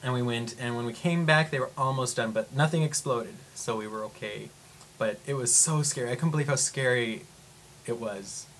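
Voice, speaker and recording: Young guy vlogging, excited storytelling, acts out gasps and quotes, lots of likes and ums. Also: medium pitch, normal speed, slight background noise. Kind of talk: casual storytelling vlog.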